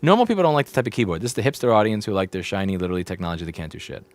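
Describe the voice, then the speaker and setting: Man, 30s, repair-shop streamer; loose ranting delivery, swears, big swings between loud and mumbled, dry close sound. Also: fairly low pitch, expressive, rapid-fire, no room sound. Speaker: livestream host, repair technician. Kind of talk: casual livestream rant.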